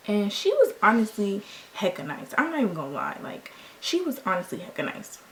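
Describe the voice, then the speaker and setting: A woman's voice: medium pitch, a little fast, slight background noise, rough recording. A young woman vlogger telling a story in casual slang while she does her makeup, acting out what each person said. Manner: animated, slangy, acts out quoted lines. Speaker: beauty vlogger.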